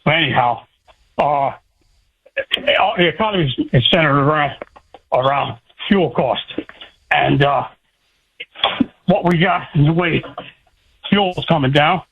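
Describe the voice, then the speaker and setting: A man's voice: fairly high pitch, takes it slowly, creaky, long pauses, breathy edge. A man calling into a radio talk show, rambling with many fillers and slightly out of breath. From United States. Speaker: caller. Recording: dull lo-fi phone-in line.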